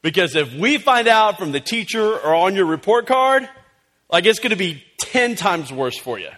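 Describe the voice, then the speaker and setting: A man preaching a sermon as a pastor to his church, telling a story in a conversational, animated way, with fillers and asides. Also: high-pitched, moderate pace. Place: church service.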